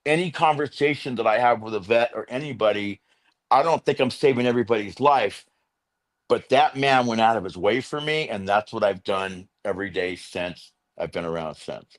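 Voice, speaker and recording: Middle-aged guy telling his story, lively, acts out what people said, lots of "you know". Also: fairly low pitch, normal speed. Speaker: guest, interventionist and veteran. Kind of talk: candid storytelling interview.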